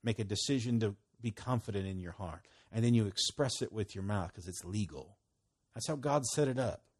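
A man's voice: lowish voice, normal speed, slightly rough. A man preaching a sermon in a folksy, emphatic way, quoting scripture and breaking into sudden exhortations.

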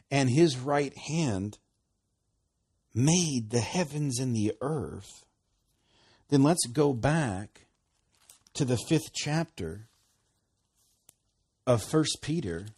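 A man preaching a sermon, reading scripture, laughing often and dropping to soft asides. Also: mid-range voice, slightly rough.

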